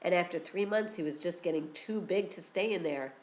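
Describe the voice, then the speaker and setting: A woman teacher telling a story to children in an animated way, often drawing her young listeners in. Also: fairly low pitch, brisk, hardly any pauses, low-quality recording. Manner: animated, addresses listeners with "guess what".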